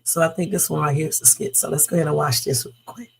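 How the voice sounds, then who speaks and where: Lady streamer, gravelly morning voice, chatty and easygoing. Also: deep voice, fairly even intonation, fast, slight background noise, poor audio. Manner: chatty, loose, with fillers and Southern-style talk. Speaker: reaction streamer. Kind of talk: casual livestream chat.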